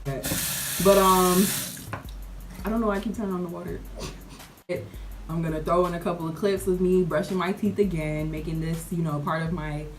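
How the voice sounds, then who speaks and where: A woman's voice: lowish voice, fairly even intonation, normal speed, long pauses, slight background noise. A young woman, chatting to camera in a casual, playful way and calling her viewers y'all. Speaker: vlogger reviewing a product.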